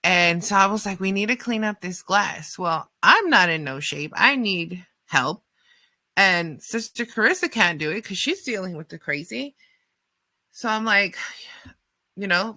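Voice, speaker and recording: A woman radio host telling a rambling story in a casual, animated way, full of fillers and acted-out quotes. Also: on the low side, normal speed, no echo.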